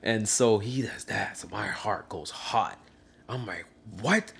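A young man in a casual chat, telling an animated, slangy story and acting out the lines of people in it. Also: lowish voice, unhurried, gravelly, breathy edge.

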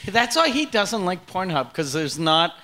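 A man's voice: high voice, sing-song, measured pace, noisy background. A man co-hosting a podcast in casual chat, joking crudely and teasing his co-host.

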